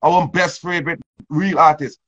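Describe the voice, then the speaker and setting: Male host, casual interview chat, rambling and relaxed, dull lo-fi recording. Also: fairly high pitch, moderate pace. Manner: rambling, laid-back, many fillers. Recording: dull lo-fi sound.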